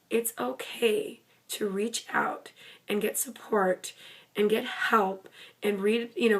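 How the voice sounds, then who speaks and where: A middle-aged woman giving parenting advice to the camera in a gentle, conversational, reassuring way. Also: mid-range voice. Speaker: parenting coach. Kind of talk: talking to camera, advice video.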